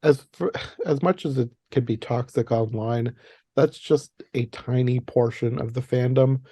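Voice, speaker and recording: Male podcast host, relaxed mellow tone, dry studio sound, chatty retelling of plot. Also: mid-range voice, unhurried, slightly rough, no room sound. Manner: animated, laughs often, retells plot details. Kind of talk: casual movie podcast chat.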